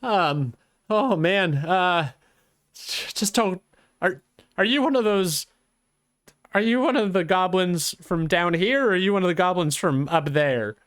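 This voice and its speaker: Cowardly goblin guard, put on by a man: higher pitch, stammering, panicky babble. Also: animated, a little slow, fairly bright tone, smooth, dry recording, clean studio sound. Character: frightened male goblin guard, rambling and panicky.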